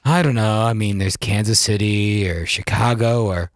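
A man's voice: lowish voice, steady tone, normal speed, no echo, studio quality. A man from South Dakota, a priest co-hosting a podcast, chatting casually with wry, teasing humor. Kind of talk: casual chat.

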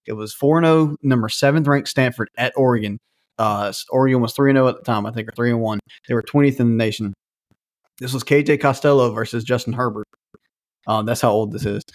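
A man's voice: medium pitch, fast, no echo, studio quality. A man co-hosting a casual sports podcast, recounting game details and stats. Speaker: podcast co-host.

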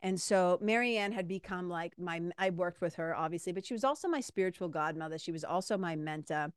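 A woman's voice: fairly low pitch, brisk, clean tone, no room sound, clean studio sound. Chatty woman telling a story. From Massachusetts, USA. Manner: chatty and animated, addresses listeners as "you guys". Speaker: podcast host. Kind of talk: casual storytelling monologue.

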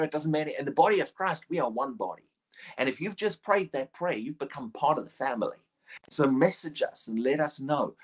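A man preaching and praying aloud, earnest, often repeating words as he starts a line, slowing down to lead a prayer. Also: mid-range voice. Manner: slow, deliberate prayer-leading. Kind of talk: prayer and sermon.

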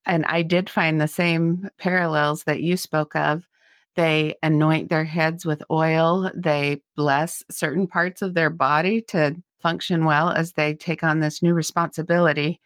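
A woman guest on a religious podcast, speaking in an earnest, measured, thoughtful way. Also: sits low, little pitch movement, dry recording, clean studio sound. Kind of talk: reflective conversation.

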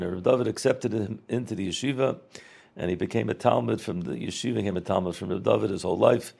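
Gravelly man telling old stories. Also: lowish voice, quick pace, a little mellow. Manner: rambling, repeats words, Yiddish and Hebrew terms. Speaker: storyteller recalling a rabbi. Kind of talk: casual spoken reminiscence.

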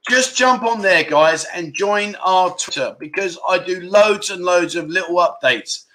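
His voice sits high and sounds pushed and bright, though he speaks a little slowly. He's hosting an easygoing livestream, joking around, bantering with viewers and reading their comments in slangy, chatty talk.

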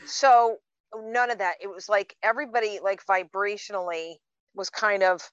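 A woman's voice: mid-range voice, fairly even intonation, normal speed, dry recording. A woman in her fifties chats casually on a podcast, telling her stories with lots of ums. Her voice sits in an ordinary middle range. The recording is muffled and very dry, with no room sound. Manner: chatty storyteller, many fillers. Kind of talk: casual chat.

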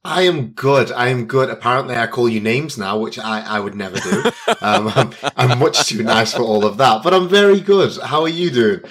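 British male guest, husky, playful ribbing, casual podcast chat. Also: mid-range voice, normal speed, a bit bright. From Britain. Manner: playful teasing. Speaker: guest fighter.

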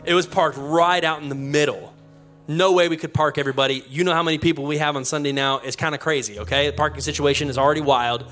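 Animated storytelling male pastor. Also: a little high, fast talker, soft background music. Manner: animated, laughing, self-mocking. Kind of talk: storytelling sermon.

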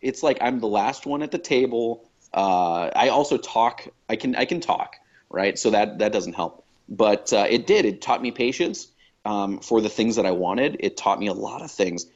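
A man's voice: fairly low pitch, animated, normal speed, muffled recording. A man talking as a podcast guest, thoughtful and reflective, with many fillers and restarts. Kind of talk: reflective conversation.

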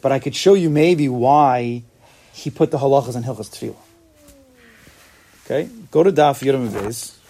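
A man's voice: mid-range voice, normal speed, long pauses, warm tone. A man teaching an informal Talmud class, explaining step by step and asking and answering his own questions.

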